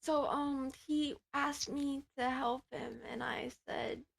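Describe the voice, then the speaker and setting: A woman player in a tabletop game, talking in an excitable, rambling way with plenty of fillers. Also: high-pitched, takes it slowly, gravelly. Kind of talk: casual tabletop chat.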